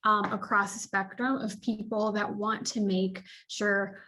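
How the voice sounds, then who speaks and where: A woman giving a speech of thanks at a virtual celebration over a video call, with many small pauses and fillers. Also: medium pitch, little pitch movement, sharp tone. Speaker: local club representative.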